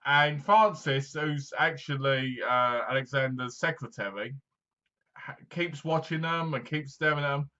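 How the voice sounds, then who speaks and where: A man's voice: medium pitch, a little slow, pushed and bright, muffled recording. A man giving a casual, rambling movie review, full of fillers. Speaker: film reviewer.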